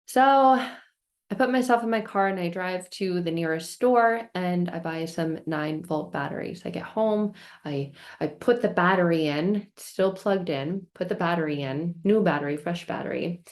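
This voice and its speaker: Expressive woman telling a self-help story. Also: on the low side, normal speed. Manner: expressive storyteller, acts out her frustration in quoted outbursts; repeats phrases in rhythmic lists. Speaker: self-help video host. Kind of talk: casual self-help vlog talk.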